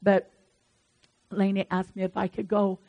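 A woman's voice: mid-range voice, completely flat delivery, measured pace, muffled recording. A woman preaching a conversational sermon in an earnest, encouraging and folksy way, with asides to her congregation.

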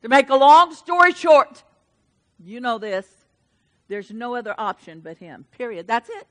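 Woman preacher, high-pitched, dynamic sermon delivery, hushed one moment and booming the next. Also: unhurried, in a large hall, poor audio. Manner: animated, swings between hushed and loud.

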